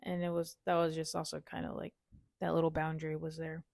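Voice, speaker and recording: A woman's voice: deep voice, monotone, fairly quick, creaky, a little mellow, no echo, studio quality. A young woman co-hosting a podcast, talking frankly and reflectively in casual chat. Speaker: podcast co-host.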